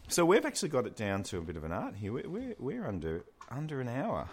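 A man's voice: mid-range voice, huge pitch swings, fast talker, husky. A man hosting a casual gaming podcast, steering the chat, laughing and swearing. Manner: leads the talk, laughs a lot, swears. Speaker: podcast host.

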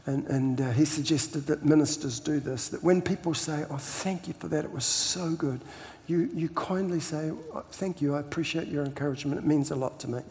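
An older man from New Zealand with a New Zealand accent, telling stories as a pastor guest in a relaxed interview, laughing often and repeating words as he starts his sentences. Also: on the high side, fairly quick, hardly any pauses. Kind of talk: storytelling interview chat. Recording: long hall reverb.

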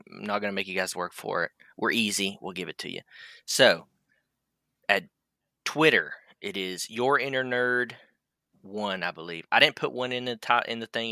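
A man's voice: lowish voice, pushed and bright, no room sound. Man, podcast co-host, casual joking chat, dry close sound. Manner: joking,喜 swearing.

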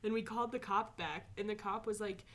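A teenage girl co-hosting a podcast, telling a story in a casual chat, animated, laughing often and filling with "like". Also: mid-range voice, fairly quick. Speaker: podcast co-host.

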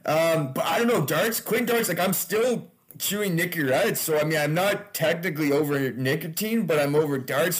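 Man, stand-up comic, casual podcast chat, loose, cursing, laughing. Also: fairly high pitch. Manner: loose, swearing, laughs often. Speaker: guest comedian.

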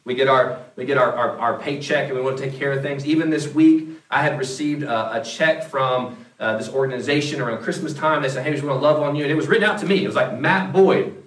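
A man's voice: medium pitch, fast. Man preaching in an echoey church. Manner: conversational preaching with repeated restarts. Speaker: pastor. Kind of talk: sermon. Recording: echoey room, mic at a distance.

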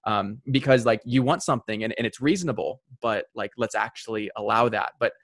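A man's voice: lowish voice, a little fast, a bit bright, no echo, studio quality. A young man hosting a casual conversation, reflective and hesitant, often repeating words as he thinks. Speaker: podcast host.

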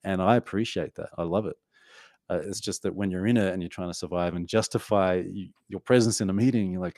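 An Australian man in his forties, an author guest on a podcast, talking in an animated, playful way. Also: low voice, a little fast, dry recording, clean studio sound. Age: 40s. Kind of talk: podcast conversation.

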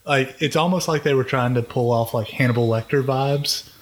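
Man, podcast co-host, even-handed and a little hesitant, mid pitch. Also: moderate pace. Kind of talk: casual chat reviewing a TV series.

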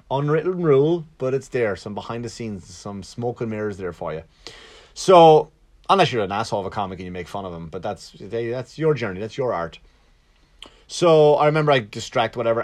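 Man, stand-up comedian, low voice, rambling storyteller, profane, casual. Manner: rambling, profane, with frequent asides and self-corrections.

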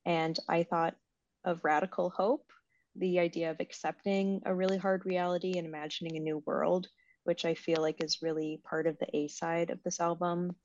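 A woman in her twenties in casual, reflective conversation, soft-spoken and quick to laugh. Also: fairly low pitch, level tone. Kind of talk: casual chat. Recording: dry, slightly dull sound.

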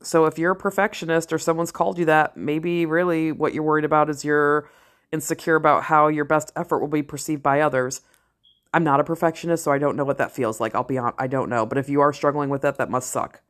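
A middle-aged woman talking straight to camera in a casual vlog, blunt and candid, swearing freely and slowing down to stress key phrases. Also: sits low, level tone. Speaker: vlogger, parent and ER worker. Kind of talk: casual talking-head commentary.

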